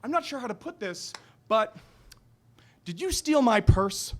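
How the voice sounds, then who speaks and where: A woman's voice: fairly high pitch, sing-song, unhurried, voice pushed up. A man voicing a flustered older Scottish woman with a Scottish accent, polite and hesitant.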